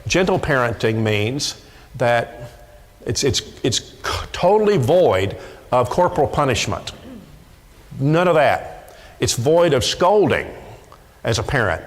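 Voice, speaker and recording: A man's voice: mid-range voice, very animated, slow pace, pauses often. A middle-aged man preaching a sermon emphatically, often repeating words as he presses a point. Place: church sanctuary. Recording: echoey church hall.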